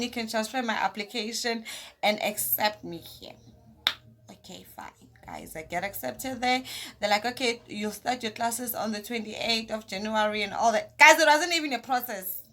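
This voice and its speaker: A young South African woman telling a story in a casual, chatty way. She acts out what everyone said as she goes along. Her voice sits a little higher than most women's. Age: young adult. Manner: animated, chatty, acts out others' lines. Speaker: vlogger.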